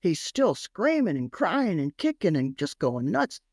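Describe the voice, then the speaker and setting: A middle-aged woman, a parenting expert, telling stories on a podcast in an animated, emphatic way that repeats phrases for effect. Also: fairly low pitch, unhurried, no room sound, studio quality. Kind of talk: storytelling podcast interview.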